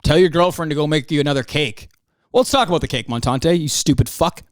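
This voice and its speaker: A young man hosts his own show alone and rants hotly, swearing often. His voice sits fairly high for a man. The sound is dry and close, with no room around it. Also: fast, no echo. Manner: profane, heated, ranting. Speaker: podcast host. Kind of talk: angry solo podcast rant.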